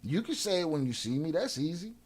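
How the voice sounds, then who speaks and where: A man hosting a live stream in casual chat. He trash-talks trolls with a lot of swearing and gives quick shout-outs full of restarts. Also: fairly high pitch, big pitch swings. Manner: profane and combative, trash-talking trolls.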